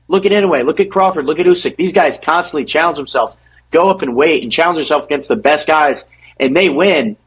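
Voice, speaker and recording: Husky young man in heated sports talk. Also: a little high, poor audio. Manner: fast, halting, repeats words when restarting. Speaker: podcast co-host. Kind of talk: casual sports debate.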